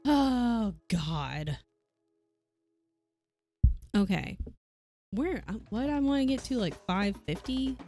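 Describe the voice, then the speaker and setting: Southern-accented woman streamer, loose and profane, chatting over soft background music. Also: fairly high pitch, animated, normal speed, no room sound. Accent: Southern US, softened. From American South. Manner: swears freely, chatty, laughs often. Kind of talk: casual chat while coworking. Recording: faint music behind.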